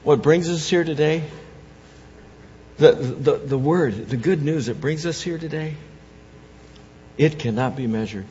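A man preaching an Easter sermon as pastor. He swings between soft, low reflection and loud, raised preaching, and often repeats words and restarts phrases. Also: a little slow, pauses often, slight background noise. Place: church sanctuary. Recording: dull, echoey church hall.

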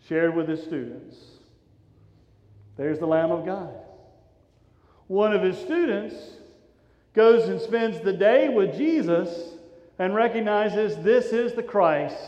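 A man, preaching a sermon in a conversational, animated storytelling way. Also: high voice. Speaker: pastor. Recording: roomy, reverberant, dull sound from a hall.

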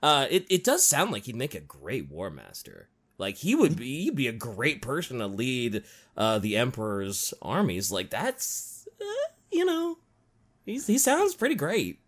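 A man co-hosting a casual podcast chat, joking around, laughing often and chiming in with quick agreement. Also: mid-range voice, wildly swooping pitch. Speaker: podcast co-host.

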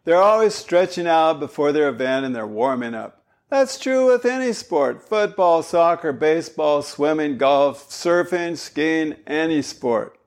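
A man giving a spoken lesson as a voice coach, animated and demonstrative. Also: on the high side, measured pace, few pauses. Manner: animated, demonstrating vocal styles.

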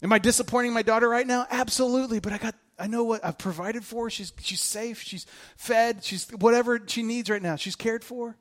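A man's voice: very high voice, a little fast, fairly bright tone. A man preaching a conversational sermon to his congregation in church, earnest and direct, repeating his key questions. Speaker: pastor. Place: church service before a congregation.

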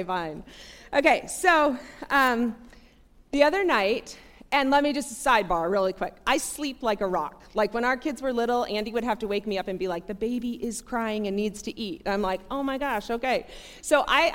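A woman giving a sermon, telling a personal story in an earnest, conversational and animated way. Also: mid-range voice. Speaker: preacher. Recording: long hall reverb.

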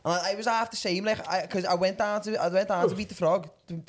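Quick rambling Northern English young man. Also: high-pitched, fairly even intonation. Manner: rambling, self-mocking, many restarts. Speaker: comedian guest. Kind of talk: casual banter.

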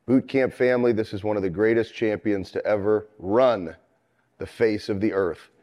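A man with a low, dark-toned voice plays the host. He introduces his guest in a rousing, declamatory way, as if calling on an audience to cheer. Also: normal speed. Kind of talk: emphatic announcing.

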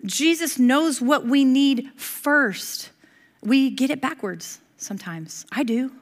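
A middle-aged woman preaching a sermon in a conversational, lively way, with a lot of asides and quick laughs. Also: sits high.

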